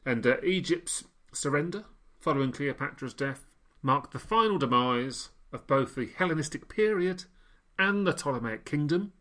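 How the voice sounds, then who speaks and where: A man's voice: fairly high pitch, expressive, normal speed, a bit bright. A man co-hosting a casual history chat, narrating events with dry, wry quips. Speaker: podcast co-host.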